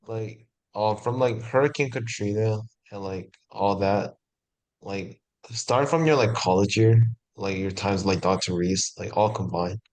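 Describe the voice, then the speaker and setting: A man, a student, asking a question in a halting, hesitant way, full of "like" and "um". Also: lowish voice, darkish tone.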